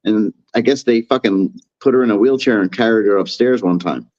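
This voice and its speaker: A man rambles through a profane story on a casual podcast. He keeps slipping into a higher voice to act out what others said. The sound is dull and lo-fi, close and dry. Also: a little fast, darkish tone, dry recording. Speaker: podcast co-host.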